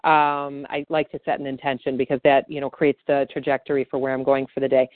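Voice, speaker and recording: A woman's voice: very deep voice, flat delivery, fairly quick, no room sound. A woman practitioner guiding a tapping session and chatting easily, with lots of fillers. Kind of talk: guided tapping and casual chat. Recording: tinny phone-like call audio.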